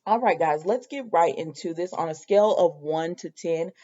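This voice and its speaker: A young woman hosting a casual soap opera recap, animated and opinionated as she talks straight to her viewers. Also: lowish voice, moderate pace. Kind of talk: casual chatty episode recap. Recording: dull lo-fi home video audio.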